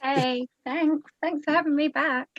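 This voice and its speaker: A woman's voice: sits high, fairly even intonation, measured pace, no room sound. A woman poet giving a brief, upbeat introduction over a video call. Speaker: open mic poet. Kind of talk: casual introduction. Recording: dry, dull lo-fi call audio.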